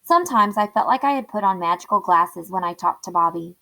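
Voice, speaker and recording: A woman's voice: lowish voice, a little fast, low-quality recording. Woman reading a children's chapter book. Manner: clear, steady storytelling.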